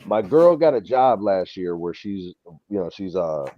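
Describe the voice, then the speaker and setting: Man telling animated stories, dull mic. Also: deep voice, a little slow, no room sound. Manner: animated, swears, says "bro" a lot. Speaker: show host. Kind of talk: casual chat storytelling.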